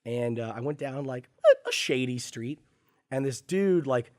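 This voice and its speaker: A man's voice: medium pitch, expressive, a little slow, a little mellow, dry recording, studio quality. A man telling a rambling, sweary story in casual podcast chat, acting out the people in it. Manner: rambling storyteller, swears freely, acts out quotes. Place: studio.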